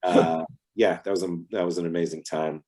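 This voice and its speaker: A man guesting on an interview over a video call, chatting casually and telling lively stories with voiced quotes. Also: sits low, fairly quick. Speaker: actor guest.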